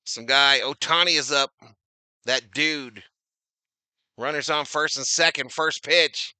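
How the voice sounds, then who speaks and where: A man's voice: fairly high pitch, takes it slowly, bright, forceful tone, clean tone, no room sound. A man giving casual, slangy fan play-by-play of a baseball game, laughing often and reading chat comments aloud. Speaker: live-stream baseball commentator.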